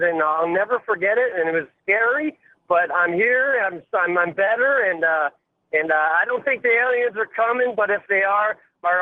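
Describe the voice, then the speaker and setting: A man's voice: sits high, no echo. A man in his forties calling in to a radio show, eager and friendly, stumbling over his words as he tells a story. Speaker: caller. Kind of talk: phone-in storytelling. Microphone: telephone. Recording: tinny telephone line.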